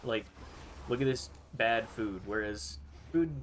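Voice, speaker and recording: A man's voice: fairly low pitch, lively intonation, slow, a little hiss or hum. Rambling male streamer. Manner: rambling, self-mocking asides. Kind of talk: casual gaming commentary.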